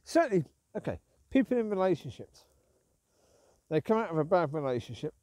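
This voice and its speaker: A man's voice: sits high, sing-song, brisk, a little mellow, no room sound. Man musing while walking dogs. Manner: rambling, calls out to his dogs between points. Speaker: Christian talk vlogger. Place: outdoors on a walk.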